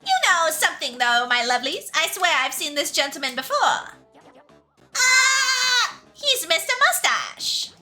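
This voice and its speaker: Here is a cruel shadow witch, haughty and scolding, with an almost Russian accent and a bright, lively voice, as a woman puts her on for a video game. She barks orders and insults at her underlings. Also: very high-pitched, measured pace, faint music behind, pitched above the performer's own voice, heavily acted. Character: cruel imperious old female shadow witch.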